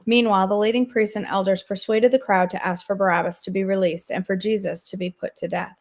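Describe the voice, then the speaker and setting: A woman hosting a daily devotional, reading scripture aloud in a steady, measured way. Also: medium pitch. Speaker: devotional host.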